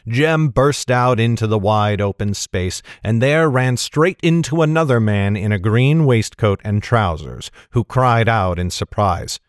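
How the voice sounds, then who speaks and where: A man narrating a fantasy novel in a steady, measured storytelling manner. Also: lowish voice, no echo, clean studio sound. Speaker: audiobook narrator.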